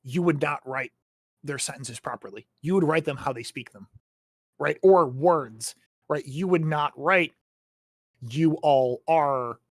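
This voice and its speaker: A man's voice: fairly high pitch, unhurried, no room sound. Dry-sounding man explaining at length. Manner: explanatory, keeps adding tag questions. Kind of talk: casual chat about writing.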